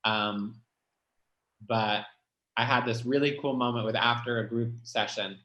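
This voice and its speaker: A man's voice: medium pitch, steady tone, a little slow, pushed and bright, highs cut off. Candid man in an echoey room. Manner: emotional, confessional, heavy filler "like", swears. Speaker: guest. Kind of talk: candid conversational storytelling.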